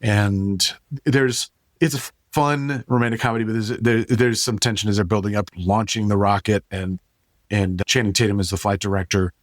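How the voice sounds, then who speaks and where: Male podcast co-host, low voice, thoughtful, halting delivery, dry close mic. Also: fairly even intonation, no echo. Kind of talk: casual chat.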